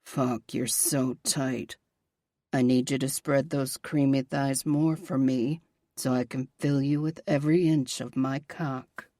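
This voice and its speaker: A woman voicing a possessive young man, murmuring low and intimately in a romance audiobook. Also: fairly even intonation, slow pace, dark tone, no room sound, studio quality.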